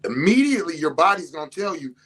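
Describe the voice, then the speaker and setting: A man's voice: on the high side, fast talker, husky. A man talking casually as a healer and host, cursing freely and acting out what others said, recorded indoors in a house. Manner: animated, profane, acts out quotes. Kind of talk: casual storytelling talk.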